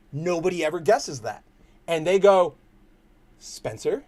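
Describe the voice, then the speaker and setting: A man's voice: sits high, expressive, normal speed, dark tone. A young man with a Californian accent, hosting a casual livestream and rambling to his chat in slangy, loose talk. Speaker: stream host.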